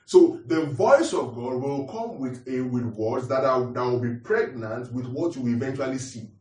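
A man's voice: medium pitch, expressive, moderate pace, a little mellow. A man preaching a teaching sermon, repeating his points and asking the congregation questions. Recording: roomy echo, distant mic.

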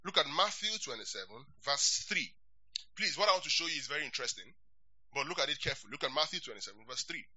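A man preaching a sermon as pastor, animated and calling for responses from the congregation. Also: fairly high pitch, fast, slightly rough, no echo, highs cut off.

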